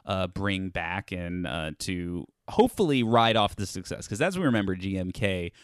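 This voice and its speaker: A man's voice: deep voice, animated, normal speed, smooth, no room sound, clean studio sound. A man co-hosting a podcast in casual chat, rambling with frequent ums and restarts. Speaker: podcast co-host.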